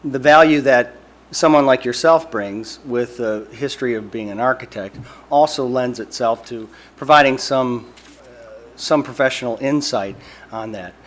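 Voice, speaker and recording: A man's voice: medium pitch, normal speed. Architect guy at a city meeting, chatty, keeps saying right. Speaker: architect speaking as public commenter. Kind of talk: public comment at meeting. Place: council meeting room.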